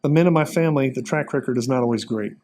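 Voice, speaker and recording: Rapid-fire and a little mellow, a mid-range male voice belongs to a fifty-something interview guest from Texas. He rambles through folksy stories, full of fillers, in easygoing conversation.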